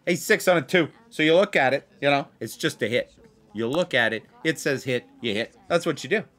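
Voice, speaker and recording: A man hosting a blackjack video, chatting casually and excitedly as he plays. He repeats himself for emphasis and keeps talking straight to his viewers. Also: fairly high pitch, a little fast. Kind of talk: casual chat while playing blackjack.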